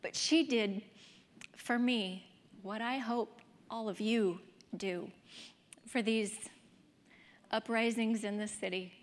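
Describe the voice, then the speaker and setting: Woman in her fifties telling her story. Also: medium pitch. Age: 50s. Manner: candid, conversational storytelling. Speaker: pro-life speaker. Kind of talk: personal testimony speech. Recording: long hall reverb.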